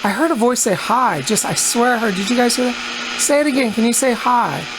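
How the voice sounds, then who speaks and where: A woman's voice: fairly high pitch, brisk. A woman psychic medium conducting a radio seance, coaxing and questioning unseen presences with repeated, patient prompts. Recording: noisy with electrical mains hum.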